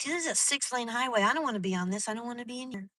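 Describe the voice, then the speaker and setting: A woman's voice: on the high side, expressive, rapid-fire, pushed and bright, no echo, rough recording. A woman vlogger live-streaming from her car at night, venting in a rambling, profane, casual way to her viewers. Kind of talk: casual live-stream chat while driving.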